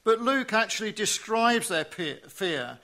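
In a high, sing-song voice, a man preaches a measured sermon. He asks rhetorical questions and drops to a hush on key phrases.

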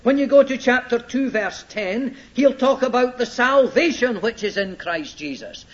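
Man, Bible teaching, emphatic and repetitive, high lively voice, dull lo-fi tape. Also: moderate pace. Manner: emphatic, repeats points and checks listeners are following. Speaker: preacher. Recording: dull lo-fi old sermon tape.

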